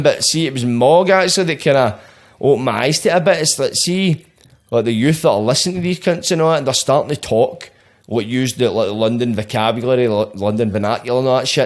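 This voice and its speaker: A Scottish man hosting a podcast in casual chat, sweary, rambling and animated. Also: medium pitch. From Scotland. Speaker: podcast host.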